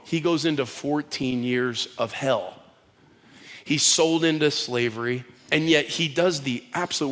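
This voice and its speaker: Male pastor, lively conversational preaching style, slightly high voice, long hall reverb. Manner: animated, conversational storytelling with casual slang. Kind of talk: sermon.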